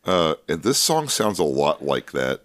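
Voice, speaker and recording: A man's voice: very deep voice, sing-song, a little slow, dry recording, clean studio sound. A man co-hosting a casual podcast, making laid-back, wry comments with frequent fillers and hedges. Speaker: podcast co-host. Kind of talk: casual film discussion podcast.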